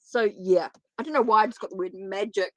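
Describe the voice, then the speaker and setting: A woman's voice: mid-range voice, fairly quick, fairly bright tone, no room sound. A woman doing a live tarot reading, talking in a chatty, informal way straight to her viewers. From New Zealand. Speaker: tarot reader.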